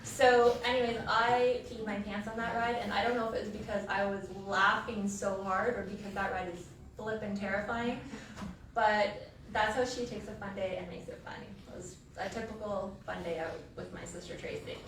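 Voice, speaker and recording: A woman's voice: mid-range voice, fairly even intonation, normal speed, far from the mic. A woman, the sister of the deceased, giving a eulogy in a funeral home chapel. She tells funny personal stories in a chatty, casual way, full of filler words. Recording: echoey hall, voice from afar, room noise.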